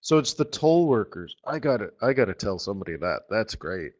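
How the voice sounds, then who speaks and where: A man's voice: fairly low pitch, very animated, fairly quick, a little mellow, muffled recording. A man hosting a live trading webinar, talking in a sarcastic, joking, rambling way. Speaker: forex market strategist hosting a live webinar.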